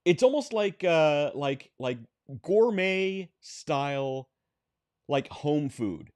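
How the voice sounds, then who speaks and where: Man, podcast host, lively animated voice, dry sound, lots of "like" fillers. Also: on the high side, takes it slowly, clear, resonant tone, no echo. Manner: lively, filler-heavy, laughs easily. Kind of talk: casual chat.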